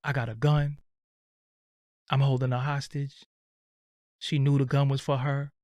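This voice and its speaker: A man telling a casual, profane anecdote in lively street slang. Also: mid-range voice, measured pace, dry recording. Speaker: storyteller.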